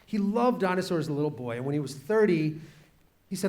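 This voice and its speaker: A man, an author, telling a story to students in an animated way, slowing down and quieting for drama. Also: on the high side. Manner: animated, shifts pace and volume for drama. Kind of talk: storytelling talk to a class.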